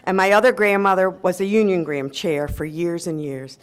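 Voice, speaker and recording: An older woman gives a heartfelt acceptance speech at a convention, her voice sitting a little low. She reminisces warmly, pausing on ums and breaking into laughs along the way. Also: flat delivery. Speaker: award honoree giving an acceptance speech. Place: convention hall before an audience.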